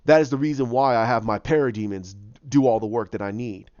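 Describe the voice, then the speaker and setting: A man doing a deep gravelly dark god. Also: fairly quick, dry recording, dull audio, lightly acted. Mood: menacing.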